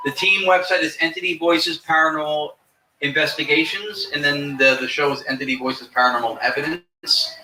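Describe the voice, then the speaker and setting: A man's voice: fairly high pitch, normal speed. A man who investigates the paranormal, explaining his theories at length with joking asides in a live interview at a fair. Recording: echoey, distant from the mic, faint noise.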